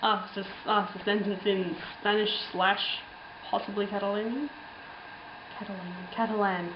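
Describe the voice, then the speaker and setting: A woman's voice: medium pitch, fairly even intonation, normal speed, echoey room, dull audio, background noise. A young woman telling a travel story in a casual, rambling way, full of ums and little laughs. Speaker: travel vlogger.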